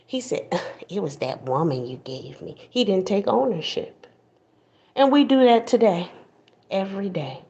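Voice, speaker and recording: A woman's voice: medium pitch, animated, moderate pace, creaky, mellow, lo-fi sound. A woman host giving a blunt, preachy commentary monologue, mocking others in put-on voices.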